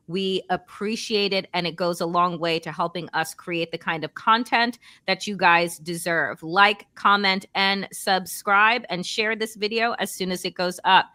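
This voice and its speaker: A woman's voice: on the low side, steady tone, measured pace, few pauses, no echo. A woman hosting a political talk show, signing off with effusive thanks to viewers and her co-host. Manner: warm, effusive sign-off. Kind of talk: casual chat, show sign-off.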